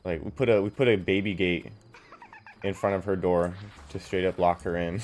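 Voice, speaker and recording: A man's voice: sits low, fairly even intonation, normal speed, a little mellow. A man streaming a video game, talking in a rambling, profane way full of fillers as he plays. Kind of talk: casual gameplay commentary. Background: faint game music.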